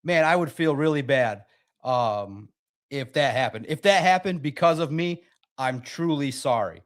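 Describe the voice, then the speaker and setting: A young adult man hosting a live sports podcast, talking in an animated, rapid-fire way and restarting his sentences often. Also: mid-range voice. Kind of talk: live-stream sports commentary.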